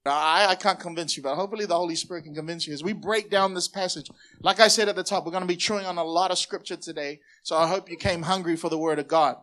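A pastor with a high, bright-pitched voice delivers a lively sermon. He talks straight to the congregation and has them repeat his words back to him. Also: quick pace. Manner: energetic, calls on the congregation to repeat phrases.

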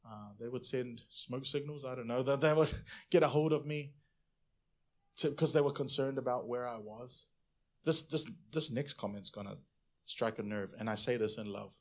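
A man pastor preaching a sermon, animated and conversational, swinging between loud bursts and quiet asides. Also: mid-range voice.

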